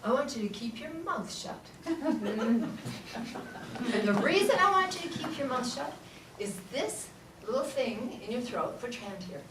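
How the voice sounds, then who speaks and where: With a slightly high voice, big pitch swings, and a measured pace full of frequent pauses, a woman is heard through a distant mic as she teaches a singing workshop to a live audience in a big room. Playful and often laughing, she sings vowel sounds to show them, amid roomy echo and room noise.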